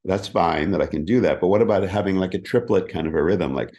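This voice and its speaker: A middle-aged man with a fairly low voice talks in an easy, chatty interview manner. He is animated and often breaks into sung "da da da" patterns to show a rhythm. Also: fast. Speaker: interview guest, keyboardist. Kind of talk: casual interview chat.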